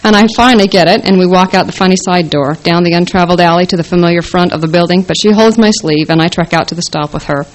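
A woman's voice: fairly low pitch, fast talker, few pauses, poor audio. Wry woman reading her own story. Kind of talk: first-person literary reading.

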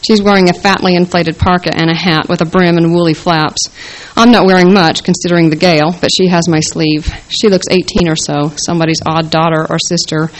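A woman's voice: on the low side, fairly even intonation, a little fast, low-quality recording. A woman reading her first-person story aloud with a wry, dry delivery.

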